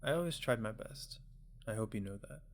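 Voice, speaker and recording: A man doing a soft-spoken tender father. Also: mid-range voice, animated, a little fast, vocal fry, a little hiss or hum. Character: gentle, tired father of a young woman.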